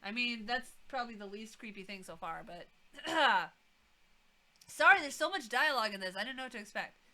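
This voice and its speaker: Bright-voiced woman streamer, wry asides. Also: a little high, lively intonation, normal speed. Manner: wry, chatty asides while reading game text. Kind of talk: casual gameplay commentary.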